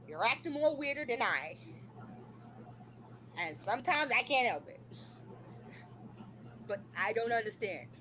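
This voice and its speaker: A woman's voice: a little high, sharp tone, slight background noise, low-quality recording. A woman hosting a live stream from home, scolding and ranting in an exasperated, repetitive way. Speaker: livestream host. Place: home room.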